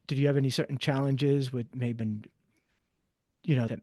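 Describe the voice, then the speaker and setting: A man's voice: mid-range voice, flat delivery, normal speed, mellow, dry recording. A man hosting a podcast interview, asking long, wandering questions in a conversational way. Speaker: podcast host.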